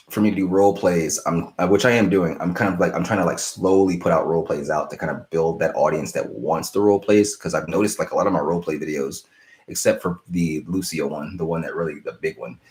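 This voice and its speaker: A young man hosting a live stream, casually answering viewer questions in a relaxed, rambling way with lots of fillers and restarts. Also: deep voice, brisk.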